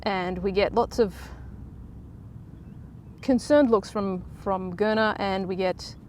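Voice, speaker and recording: A woman's voice: medium pitch, slow, darkish tone, a little hiss or hum. A woman casually recapping a soap episode in a chatty, sarcastic way, mocking the characters.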